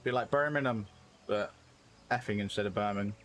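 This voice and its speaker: A man's voice: lowish voice, a little fast, a bit bright, a little hiss or hum. A man streaming a game, chatting casually and musing aloud while correcting himself. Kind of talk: casual chat while playing.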